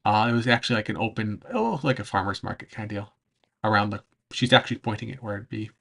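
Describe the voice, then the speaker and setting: A man chatting casually on a livestream, answering chat, rambling and often pausing to search for words, with frequent laughs. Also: fairly low pitch, lively intonation, gravelly, fairly bright tone. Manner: laughs between phrases. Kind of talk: casual livestream chat over travel footage.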